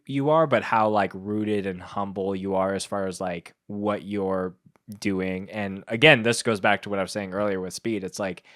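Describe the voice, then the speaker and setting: A man hosts a podcast in loose, casual conversation, his speech effusive and meandering with many "like"s. His voice sits low, and the sound is dry and close with no room echo. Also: fairly bright tone. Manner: effusive, rambling, heavy use of "like". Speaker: podcast host.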